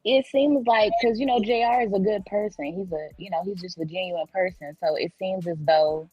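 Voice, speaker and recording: Female host, husky, measured, dry dull recording with faint music. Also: medium pitch, fairly even intonation, dry recording. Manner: thoughtful, hedging. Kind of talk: casual chat.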